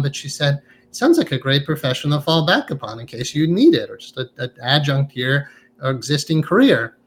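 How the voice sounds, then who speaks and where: A man's voice: medium pitch, sing-song, a little fast, a bit bright, a little hiss or hum. A man being interviewed as a hypnotherapist, talking in an earnest, reflective way and often tagging his points with a questioning "right?". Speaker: guest, hypnotherapist. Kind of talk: conversational interview.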